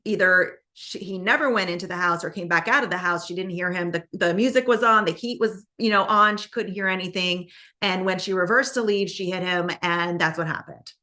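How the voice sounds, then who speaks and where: A woman hosting a podcast, telling a true-crime story in a casual, chatty way with many fillers and quick acted-out quotes. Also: lowish voice, sharp tone. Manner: conversational, many fillers, acts out quoted lines. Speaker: podcast host.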